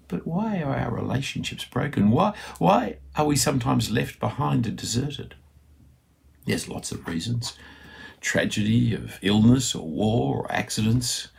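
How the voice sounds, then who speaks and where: A man's voice: medium pitch, creaky, a little mellow, slightly rough. A middle-aged man preaching a sermon in a conversational, storytelling way with light asides.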